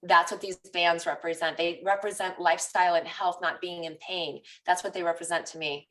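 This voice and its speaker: Animated woman fitness coach, a little off-mic. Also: on the low side, a little fast, distant mic, rough recording. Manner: animated, confessional storytelling. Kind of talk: live group coaching chat.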